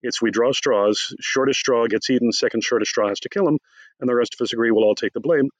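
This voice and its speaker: A man discussing his book in an animated conversation, talking fast and excitedly with many asides. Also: medium pitch, no room sound, highs cut off.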